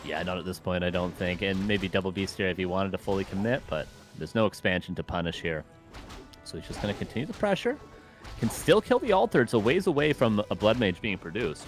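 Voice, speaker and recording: A man giving analytical, measured live commentary on a strategy game match. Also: sits low, big pitch swings, faint music behind. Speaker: esports commentator.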